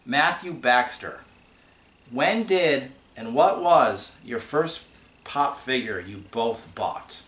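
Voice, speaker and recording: A podcast co-host speaks slowly in a medium-pitched, fairly bright voice with lively intonation. On this casual online show he chats and tells rambling stories, restarting often, as he responds to viewer questions in an echoey, faintly hissy room.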